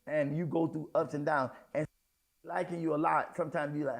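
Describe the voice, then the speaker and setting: Gravelly high-voiced man preaching. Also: steady tone, fairly quick. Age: middle-aged. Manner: conversational preaching with sudden emphatic outbursts. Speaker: pastor. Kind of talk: sermon.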